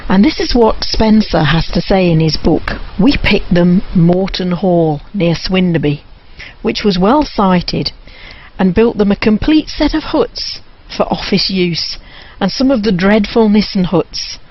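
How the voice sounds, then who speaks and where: A woman telling a local history story and reading passages aloud from a book, with a gentle, amused manner. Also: mid-range voice, animated, a little slow, breathy edge. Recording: muffled lo-fi radio recording.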